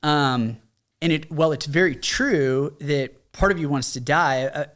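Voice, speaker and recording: A man's voice: on the high side, unhurried, a bit bright. Male podcast guest, middle-aged veteran, frank conversational storyteller. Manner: candid, conversational, mimics others in quoted lines. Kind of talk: casual storytelling.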